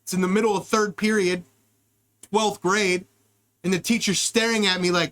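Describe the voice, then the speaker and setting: This American man hosts a podcast, his voice high and fairly bright, his tone steady and his speed normal. He spins meandering, off-color funny tales that swerve between outlandish tangents.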